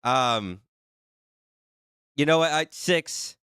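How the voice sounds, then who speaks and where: Flustered, excitable man hosting a livestream. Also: a little high, drawn-out words, clear, resonant tone, dry recording, clean studio sound. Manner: flustered and excitable, laughing often, teasing viewers. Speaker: livestream host reading chat. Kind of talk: casual live-stream chat.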